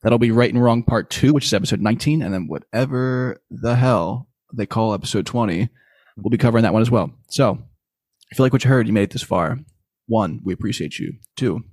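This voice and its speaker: A man's voice: lowish voice, a little fast, a little mellow, slightly rough, dry recording, studio quality. A man hosting a casual podcast, chatting loosely with some swearing and closing with show plugs. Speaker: podcast host.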